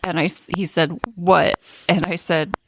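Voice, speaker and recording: A woman's voice: fairly low pitch, steady tone, a little fast, noisy background. A woman co-hosting a podcast, telling a funny story in casual chat and often laughing through her words. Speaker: podcast co-host.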